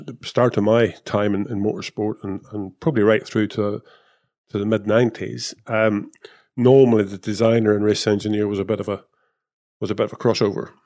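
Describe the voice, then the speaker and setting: A former F1 technical director and race engineer talks casually in an interview, his voice lowish and darkish in tone. He rambles, with many fillers and restarts.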